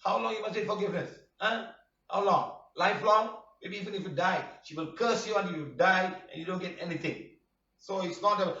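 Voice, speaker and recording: A man with a fairly high voice lectures his students, scolding them and firing rhetorical question after question. He sounds set back from a dull-sounding mic. The room around him is echoey and hollow. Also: fairly quick, sharp tone, recorded from a distance. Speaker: healing workshop teacher. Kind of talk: live online workshop talk.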